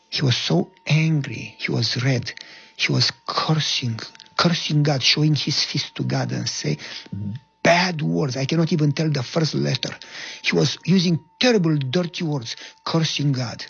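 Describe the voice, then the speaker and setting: Romanian man, gravelly and husky, earnest halting testimony, lo-fi sound. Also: fairly high pitch, fairly bright tone. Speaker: guest telling his life story. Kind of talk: personal testimony. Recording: lo-fi dull recording.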